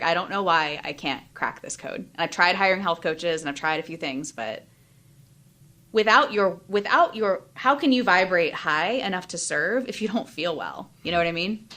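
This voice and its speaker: Candid woman coach, lowish voice. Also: pushed and bright. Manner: open, emotional, speaks in quick bursts with fillers. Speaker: life and business coach, guest. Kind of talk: candid interview conversation.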